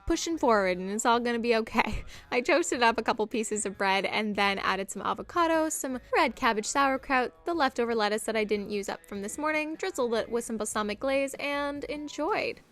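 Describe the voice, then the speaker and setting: A woman's voice: fairly high pitch, lively intonation, moderate pace, fairly bright tone. A young woman narrating her vlog in a chatty, upbeat voice-over. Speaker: vlogger.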